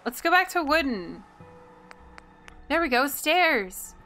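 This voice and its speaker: A woman's voice: sits high, sing-song, takes it slowly, pushed and bright, soft background music. A woman hosting a gameplay video, chatting and thinking aloud in an indecisive, casual way. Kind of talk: casual let's-play commentary.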